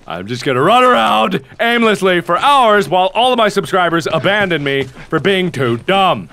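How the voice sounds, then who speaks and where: A young man commenting on a video game he is playing, given to loud, expressive outbursts and self-mocking rants. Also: high-pitched, moderate pace, hardly any pauses, a little hiss or hum. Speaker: let's play host.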